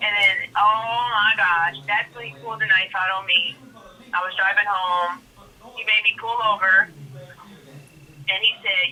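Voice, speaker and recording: A woman giving an emotional first-person account as a guest, animated and repeating herself. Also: medium pitch, measured pace, pauses often, recorded from a distance, poor audio.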